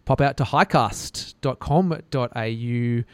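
A man's voice: medium pitch, slow, clean tone, no echo. A man hosting a podcast from a radio studio on a studio mic, joking and poking fun at himself in casual chat. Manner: joking and self-mocking. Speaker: podcast host.

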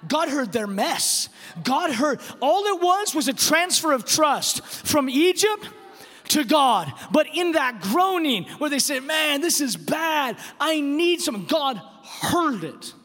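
A pastor preaching a sermon, emphatic and repeating words, slowing down to stress key phrases. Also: male voice, very high-pitched, very animated, a bit bright. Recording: long reverb of a large hall.

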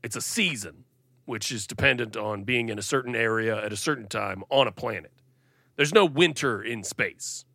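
A man's voice: fairly low pitch, normal speed, creaky, pushed and bright, dry recording. A man co-hosting a comedy podcast, earnestly and pedantically picking apart a detail of a story. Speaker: podcast co-host. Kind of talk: casual comic chat.

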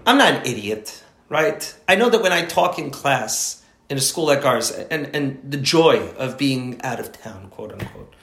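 A man's voice: mid-range voice, expressive, normal speed, gravelly, fairly bright tone. A man teaching a study group in an informal lecture, rambling and emphatic, often restarting his sentences. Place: indoor room with a group. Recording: echoey room.

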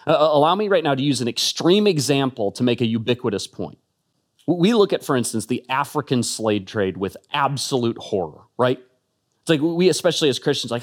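A man delivering an earnest sermon-style talk in a voice that sits on the higher side. He presses his points with emphasis. He keeps tripping into quick restarts. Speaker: Christian speaker.

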